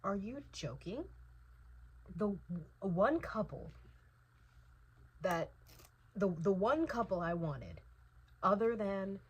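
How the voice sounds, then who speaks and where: A young woman in her twenties chatting casually in a reading vlog, emotional, often dropping into a hushed whisper. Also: mid-range voice, takes it slowly, pauses often, husky. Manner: emotional, swings between hushed whispers and excited outbursts. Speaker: book vlogger.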